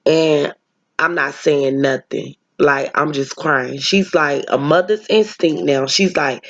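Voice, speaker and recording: A woman's voice: low voice, unhurried, muffled recording. A woman vlogger telling a personal story, talking earnestly and emotionally straight to her viewers.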